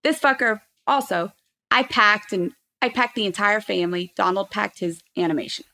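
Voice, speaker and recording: In a casual chat, a guest in her thirties recounts a fiery personal story with plenty of swearing and loud, acted-out quotes. She speaks at a moderate pace in a mid-range voice that carries some vocal fry.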